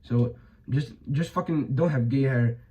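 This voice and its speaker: A man's voice: medium pitch, a little slow, warm tone, muffled recording. A young man giving blunt, profane advice in a casual monologue, full of fillers and restarts, his voice a bit strained. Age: young adult. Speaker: vlogger.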